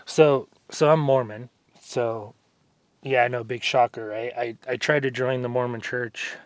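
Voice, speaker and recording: A man's voice: medium pitch, fairly even intonation, a little slow, no echo. A man vlogging casually during an arm workout, telling stories in a rambling way, full of fillers. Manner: rambling, filler-heavy storytelling. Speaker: fitness vlogger.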